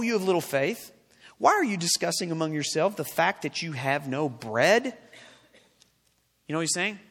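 Bright-voiced preacher man in a hall. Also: sits high. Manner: emphatic preaching, reads scripture aloud, asks the congregation questions. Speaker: pastor. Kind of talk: sermon. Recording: long reverb of a large hall.

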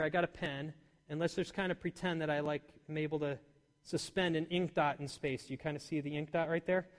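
A man preaching a sermon to a congregation, animated and full of questions to his listeners. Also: high-pitched. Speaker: pastor. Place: church hall. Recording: long hall reverb.

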